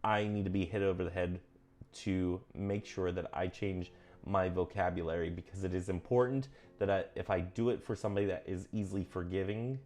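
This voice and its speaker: A man casually talking through a witchcraft book on his vlog, earnest and self-correcting, often drifting onto tangents, his pitch jumping up when he gets emphatic. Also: fairly even intonation, fairly quick, a little mellow. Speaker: vlogger reading and commenting on a witchcraft book. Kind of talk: casual rambling vlog commentary.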